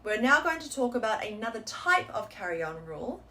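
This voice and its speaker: A woman teaching a pronunciation lesson, explaining patiently and sounding out model words slowly and clearly. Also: fairly high pitch, very animated, pushed and bright, a little hiss or hum. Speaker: Korean language teacher.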